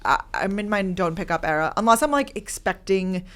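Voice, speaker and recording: A woman's voice: medium pitch, animated, a little fast, fairly bright tone. A young woman co-hosting a podcast in casual, easygoing chat with a friend. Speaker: podcast co-host.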